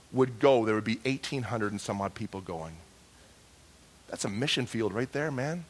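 Conversational man preaching a sermon. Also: fairly high pitch. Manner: conversational storytelling with repeated restarts. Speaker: pastor.

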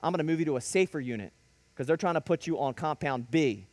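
A man voicing a gruff male prison guard who gives blunt orders in a low, matter-of-fact way. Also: animated, quick pace, dry recording, lightly acted.

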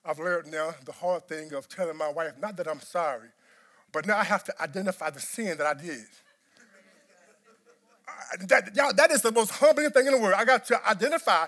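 A pastor preaches a sermon at a moderate pace, animated as he swings from quiet, low talk to shouted emphasis. He repeats words to drive his points home.

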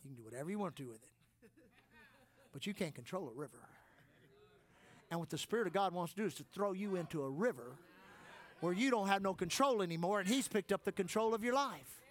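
A male pastor preaching a sermon emphatically, swinging between shouts and low asides and laughing often. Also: expressive, fairly quick, long pauses.

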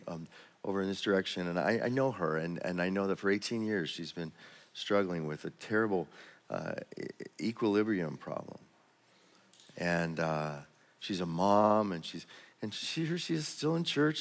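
Low-voiced male pastor preaching in a hall. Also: gravelly. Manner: conversational, storytelling, with repeated restarts. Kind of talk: sermon. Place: church auditorium.

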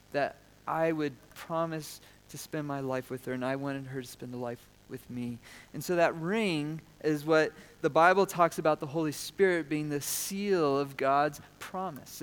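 A man preaching a sermon as pastor, earnest, rising to emphatic points and dropping soft. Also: a little high. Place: church sanctuary. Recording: long church reverb.

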